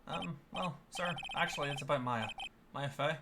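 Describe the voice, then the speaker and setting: A man's voice: a little high, normal speed, gravelly, very noisy. A man doing a flustered young lawyer. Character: young male defense lawyer, earnest and flustered. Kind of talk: reading game dialogue aloud. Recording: loud game music behind.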